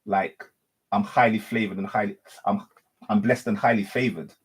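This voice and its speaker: A man's voice: on the low side, fairly even intonation, normal speed, slightly rough. A man giving an unscripted spiritual monologue as a teacher, repeating and reworking his phrases and often correcting himself. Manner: repetitive, circling phrasing with frequent self-corrections.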